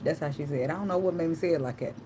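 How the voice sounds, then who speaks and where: Female tarot reader, AAVE, low pitch, chatty tangents, faint room noise. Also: very fast. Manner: chatty, tangential, slangy, swears and laughs. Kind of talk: casual channeled tarot reading.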